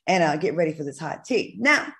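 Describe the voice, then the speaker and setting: A woman in her forties hosting a casual talk show, lively and chatty, laughing easily. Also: deep voice, fairly quick. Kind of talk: casual chat.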